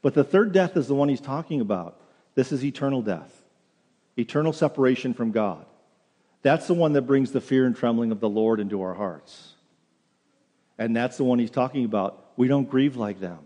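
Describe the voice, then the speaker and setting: Guy preaching in church, mellow dark voice, earnest, long echo off the hall. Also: mid-range voice, lively intonation, moderate pace. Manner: earnest preaching, repeats words when restarting. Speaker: pastor. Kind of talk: sermon. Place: church sanctuary.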